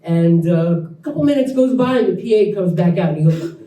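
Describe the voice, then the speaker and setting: Man, forties, animated storyteller, mellow voice, echoey room, distant mic. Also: high voice, fairly quick. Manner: animated storyteller, laughs through lines, acts out quotes. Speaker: actor guest. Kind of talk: live Q&A storytelling. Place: event room with audience.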